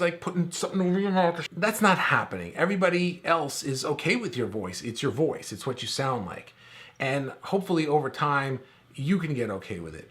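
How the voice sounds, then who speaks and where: A middle-aged man teaching a recorded course lesson in a relaxed, conversational way, with filler words. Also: medium pitch. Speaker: course instructor.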